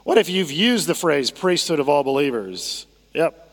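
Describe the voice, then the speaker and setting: A man's voice: a little high, sing-song, normal speed, in a large hall. A man preaching a sermon as pastor, conversational, often repeating phrases and asking the congregation to respond. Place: church sanctuary.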